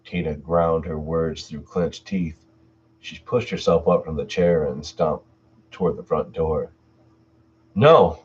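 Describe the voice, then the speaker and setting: With a bass voice that is a little mellow and a little slow, a stream host narrates horror stories and talks casually with his viewers between readings. His intonation stays fairly even, and the distant, dull lo-fi recording has slight background noise.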